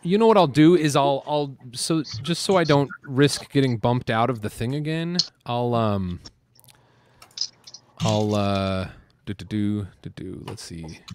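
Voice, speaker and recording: A man's voice: medium pitch, expressive, measured pace. Man, casual group stream chat, rambling with fillers, self-deprecating, faint background noise. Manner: rambling, laughs at himself, many fillers. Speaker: streamer and panel guest.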